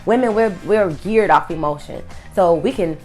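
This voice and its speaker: A woman's voice: lowish voice, moderate pace, soft background music. Emphatic woman giving relationship advice. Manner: emphatic and repetitive. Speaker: host. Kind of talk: advice monologue.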